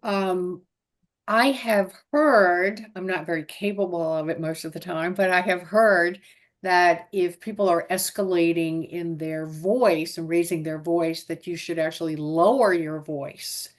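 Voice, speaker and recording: Woman interviewer with a lowish voice. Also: steady tone, measured pace. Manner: thoughtful, asks questions with fillers. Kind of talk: interview conversation.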